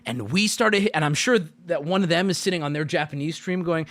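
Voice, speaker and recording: A man streaming to his chat, telling a travel story in a lively way and jumping into squeaky put-on voices for the people he quotes. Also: a little fast, hardly any pauses, no room sound. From United States. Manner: lively, swings into high squeaky voices when quoting people.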